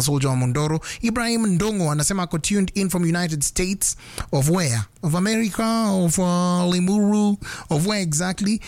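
Brief: Kenyan male radio host, upbeat and teasing, fast shout-outs, close dry mic. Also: high voice, dry recording. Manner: lively, teasing, rattles off names and numbers. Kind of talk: casual radio chat with listener shout-outs.

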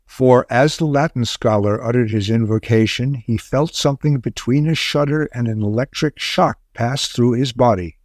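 A man reading a story aloud in a measured, solemn way. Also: medium pitch, dry recording, studio quality. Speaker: narrator. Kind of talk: scripted story narration.

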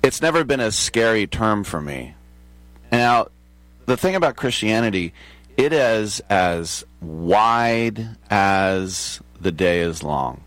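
A man's voice: fairly low pitch, animated, takes it slowly, fairly bright tone, no echo. A man hosting a talk show in a casual, digressive monologue, chuckling at his own asides.

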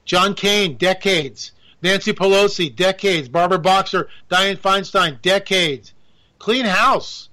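Male political commentator, high and bright voice, sarcastic and animated, riffing solo. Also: slow. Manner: animated, sarcastic, joking asides. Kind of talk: casual political monologue.

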